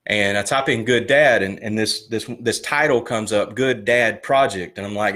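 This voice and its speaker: A man in his thirties, a former student pastor, telling his personal story earnestly, with loud animated peaks and soft slow confessional stretches. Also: lowish voice. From Alabama. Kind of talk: personal testimony talk.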